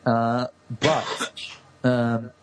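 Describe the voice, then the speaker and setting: A man talking in a loose, rambling way as one of a show's hosts. He trips over words and restarts his sentences, and his voice sits at an ordinary middle pitch. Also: little pitch movement, extremely slow, noisy background. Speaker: podcast co-host. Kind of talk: casual chat about role-play politics.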